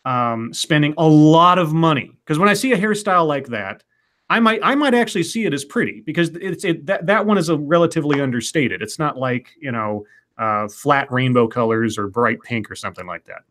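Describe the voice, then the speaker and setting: A man's voice: on the high side, expressive, a little fast, a bit bright. A man co-hosting a casual podcast chat, reasoning things through with hedges and restarted sentences.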